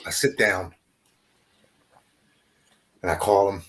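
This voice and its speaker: Guy with a lowish voice on a podcast, stumbles and repeats himself, tells his recovery story. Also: fairly even intonation. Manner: halting, repeats words, drops quiet at hard moments. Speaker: podcast guest.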